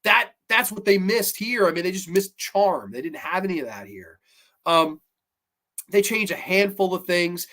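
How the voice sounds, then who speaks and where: A man hosting a horror movie review show, ranting in a blunt, profane and exasperated way, with sudden loud bursts of disbelief. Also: sits high, sing-song, normal speed. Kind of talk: casual solo review rant.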